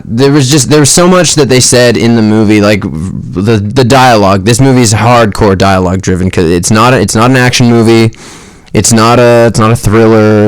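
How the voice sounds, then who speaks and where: A young man co-hosting a podcast, talking about films in an animated, rambling way with lots of restarts. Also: fairly low pitch, clear, resonant tone, no room sound. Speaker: podcast co-host. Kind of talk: casual movie chat.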